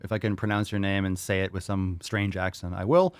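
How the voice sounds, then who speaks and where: A man's voice: sits low, moderate pace, dry recording, studio quality. A young man hosting a podcast, talking loosely and casually, laughing often and swearing freely. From Florida. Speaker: podcast host.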